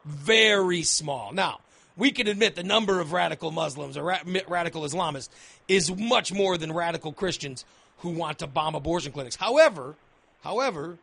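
A man's voice: on the high side, expressive, brisk, vocal fry, fairly bright tone, breathy edge. A man hosting a talk radio show, arguing his point emphatically and repeating phrases as he builds his case. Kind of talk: opinionated talk radio debate.

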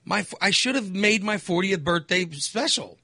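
A man's voice: high voice, expressive, normal speed, pushed and bright, slightly rough, dry recording. A man in his fifties, hosting and telling a candid, rambling story in casual chat. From Texas. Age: 50s. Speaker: host.

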